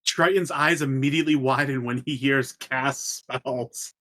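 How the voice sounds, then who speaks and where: A man playing a tabletop game, animated and playful in describing his character. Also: mid-range voice, unhurried. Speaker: player. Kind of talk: casual tabletop play.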